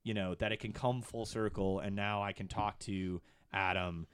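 A middle-aged man and podcast producer in casual chat, telling stories with bursts of excitement that jump high in pitch. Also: moderate pace, clear, resonant tone, dry recording. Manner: excitable storyteller, swings to high animated peaks.

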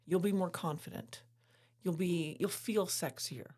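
A woman's voice: lowish voice, unhurried, darkish tone, slightly rough. A woman hosting a podcast, telling a candid story in a frank, casual way and laughing often. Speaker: podcast host.

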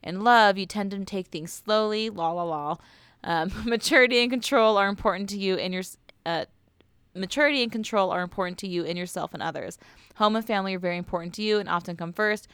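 A woman's voice: mid-range voice, fast talker, fairly bright tone, clean tone, no room sound. A young woman co-hosting a casual podcast, tipsy and playful, with giggly, profane banter. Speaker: podcast co-host. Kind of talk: casual chat.

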